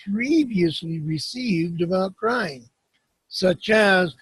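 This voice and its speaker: A man reading a self-help book aloud in a slow, measured way, with occasional slips and restarts. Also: high-pitched, animated, breathy edge, no echo, rough recording. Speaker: audiobook reader.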